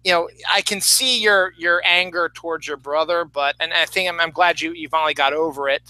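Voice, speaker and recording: Bright, high-voiced man chatting about movies. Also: fairly quick, clear, resonant tone, no echo, poor audio. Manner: animated, laughs often, acts out quotes in high voices. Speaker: podcast host. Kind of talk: casual movie discussion.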